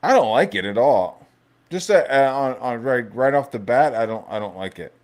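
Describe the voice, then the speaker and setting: A man hosting a casual live stream, ranting in a profane, rambling, animated way. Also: medium pitch, moderate pace. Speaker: livestream host.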